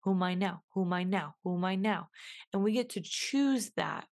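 A woman's voice: mid-range voice, moderate pace. A woman hosting a reflective solo podcast, musing aloud and repeating questions to herself as she works through her thoughts. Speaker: podcast host.

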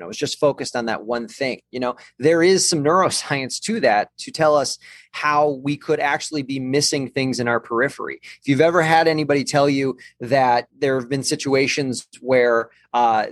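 A man's voice: mid-range voice, no echo. Man explaining brain science conversationally. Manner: thoughtful, explanatory, frequent restarts and fillers. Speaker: guest expert on neuroscience and balance training.

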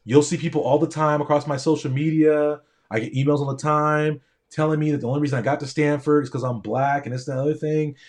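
A man's voice: a little high, fairly even intonation, fast, a little mellow. A man, a doctor and pre-med coach, giving a motivational speech straight to his audience with a preaching, repetitive cadence.

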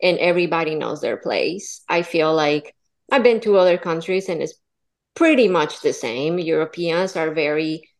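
A woman's voice: sits low, normal speed. A young adult woman from Colombia, a podcast guest, chatting casually and animatedly about dating. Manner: chatty, animated, acts out quoted voices. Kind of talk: casual interview chat.

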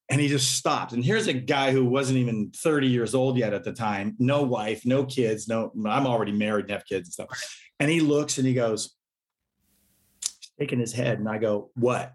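This guest is a middle-aged musician with a mid-range voice, talking at a normal speed. Spinning anecdotes in a casual interview, he brings them to life with laughter and by performing the quoted lines.

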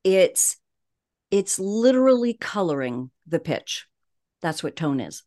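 A woman with a Long Island accent speaks in a fairly low voice as a voice coach on a podcast. She talks at a measured cadence and leans on deliberate pauses. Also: big pitch swings, dark tone. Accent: Long Island New York. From Long Island, New York. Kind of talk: podcast interview.

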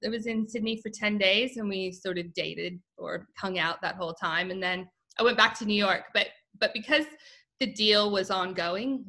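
A woman's voice: on the low side, pushed and bright, poor audio. An American woman in her thirties, a guest in a casual interview, chatty and laughing often as she talks. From United States.

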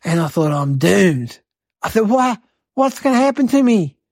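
A woman's voice: medium pitch, big pitch swings, moderate pace, darkish tone, dry recording. A woman voicing a cheeky eight-year-old boy who hosts and tells rambling, exaggerated tall tales. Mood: excitable. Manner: rambling, breathless, childlike exaggeration. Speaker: host. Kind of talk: comic storytelling monologue.

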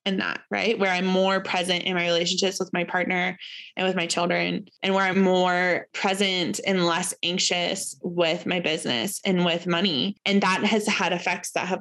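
A woman in her thirties giving a casual spoken lesson as a course teacher, chatty, full of fillers and tag questions, acting out quoted voices. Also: a bit bright. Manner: acts out quoted voices with rising pitch.

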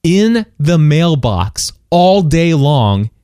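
A middle-aged man telling a personal story in casual chat, animated and full of restarts and quick laughs. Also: fairly high pitch, smooth, dry recording, studio quality.

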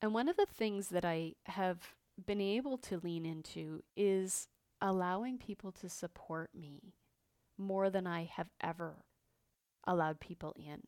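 A woman's voice: fairly low pitch, measured pace, darkish tone, no echo. A woman in her fifties hosting a podcast, telling a personal story in a candid, reflective way with frequent fillers and restarts. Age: 50s. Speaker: podcast host.

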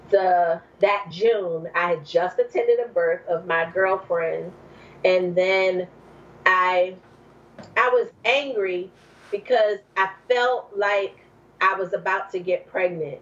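A woman, a mother in her thirties or forties, telling a personal story as a guest, leaping to high exclaims when she quotes herself. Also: slow pace, recorded from a distance. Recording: dull lo-fi recording.

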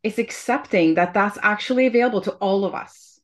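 A podcast host interviews someone in a heartfelt, conversational way, speaking earnestly and reflectively and frequently restarting her sentences. Her voice is mid-range and her pace brisk.

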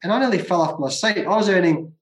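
A middle-aged Australian man with a rather high voice tells his stories with emphasis, circling back to repeat his points. His voice rings with a roomy echo. He sounds like a guest talking freely in an interview. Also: animated, quick pace. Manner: emphatic, repeats phrases for effect. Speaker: guest, former cricketer. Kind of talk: conversational storytelling.

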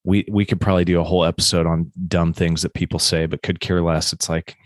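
Middle-aged man co-host, very low pitch, dry sound, animated storytelling. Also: fast, no echo. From United States. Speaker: podcast co-host. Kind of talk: casual chat.

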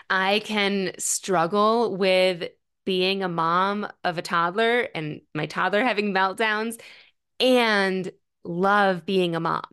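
A woman in her thirties talking candidly and earnestly about her feelings, in measured phrases with small pauses and restarts. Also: mid-range voice, a bit bright, clean tone. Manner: earnest, candid, self-reflective. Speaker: journaling vlogger. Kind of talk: reflective personal talk.

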